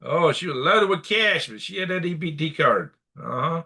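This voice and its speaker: Guy ranting at video clips, bright sharp voice, kinda high. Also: animated, moderate pace, vocal fry, slightly rough. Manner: indignant, repetitive, blunt insults. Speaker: news commentary host.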